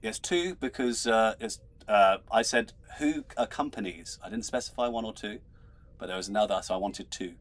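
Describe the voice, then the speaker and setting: A man's voice: on the low side, moderate pace. A man hosting an online trivia show as quizmaster, chatty, laughing often and tripping over his words. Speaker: quizmaster host.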